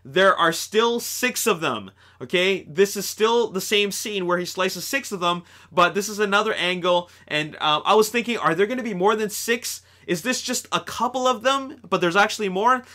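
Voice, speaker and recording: Bright, excitable man hosting a video review. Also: high voice, moderate pace, hardly any pauses. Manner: excitable, rambling, many fillers and restarts. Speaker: host of a movie news channel. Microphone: desktop USB microphone.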